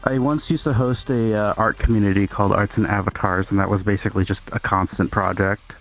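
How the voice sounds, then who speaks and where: Soft-spoken low-voiced man, hesitant. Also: fairly even intonation, brisk, faint music behind. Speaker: guest. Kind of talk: casual chat.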